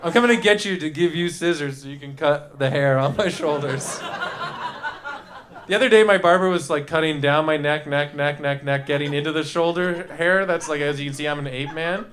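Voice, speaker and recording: A young man performs loose stand-up on a club stage through a handheld mic, wandering between bits and teasing the crowd. His voice sits fairly high for a man, and he drifts into silly put-on voices. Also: fairly quick, fairly bright tone. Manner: goofy, rambling, jumps into silly voices. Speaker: stand-up comedian. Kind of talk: loose stand-up riffing with the audience.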